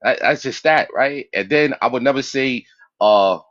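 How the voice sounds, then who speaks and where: A man's voice: mid-range voice, normal speed, fairly bright tone, lo-fi sound. A man from New York with a New York accent, speaking on a panel in blunt, slangy talk and asking pointed questions. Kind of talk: debate on a panel.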